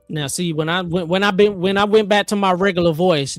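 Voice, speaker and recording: A man hosting a live futures trading stream, excitedly pleading with the chart and chatting with viewers. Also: high-pitched, moderate pace, hardly any pauses, no room sound, soft background music. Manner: chatty with viewers, asks for likes. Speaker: livestream host and futures trader.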